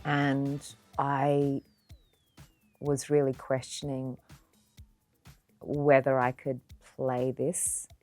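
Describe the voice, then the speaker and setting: A middle-aged Australian woman, an actor, telling anecdotes in an interview in an expressive, storytelling way. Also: rumbling low, drawn-out words, long pauses, faint music behind. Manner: expressive storyteller who acts out quoted voices.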